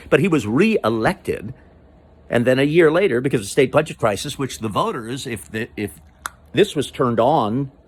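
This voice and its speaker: A man riffs through a comic political monologue, his pitch swooping up and down as he goes. He rambles, breaks off mid-thought and circles back with mock-serious emphasis. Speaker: comedian host.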